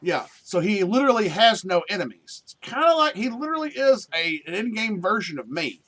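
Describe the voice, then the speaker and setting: A man's voice: high-pitched, big pitch swings, brisk, bright, forceful tone. A man chatting casually and profanely while streaming a game. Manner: rambling, profane, easygoing. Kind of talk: casual live-stream chat.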